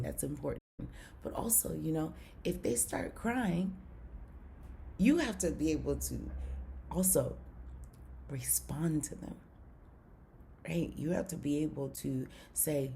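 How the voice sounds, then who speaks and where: A woman with a low, gravelly voice teaches a recorded video lesson. She often repeats her points, checks in with "right?", and sometimes calls herself by her own name. Her tone is mellow, with a faint hum of noise behind her. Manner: refers to herself in the third person. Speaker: online course teacher.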